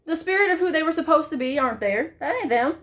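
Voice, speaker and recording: A woman talking straight to camera in an emotional personal monologue, swearing often, repeating herself, and swinging from loud outbursts to soft, quiet pleading. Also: sits high, lively intonation, fast. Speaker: vlogger.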